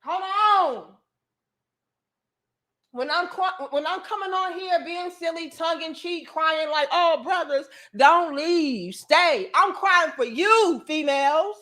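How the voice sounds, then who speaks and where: A woman's voice: extremely high pitch, slow, pushed and bright. A woman hosting a livestream, delivering an emphatic, profane, preachy rant to her viewers. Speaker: livestream host.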